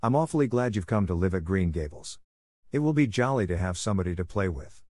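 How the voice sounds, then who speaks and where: A man's voice: sits low, lively intonation, fast, darkish tone, dry recording. A man voicing a frank, cheerful little girl in a storybook reading.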